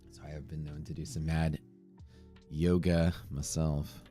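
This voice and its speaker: Low-voiced male streamer, casual and rambling, soft music in the background. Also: flat delivery, measured pace. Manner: greets viewers by name, jokey and rambling. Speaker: livestream trading host. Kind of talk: casual livestream chat. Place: home streaming room.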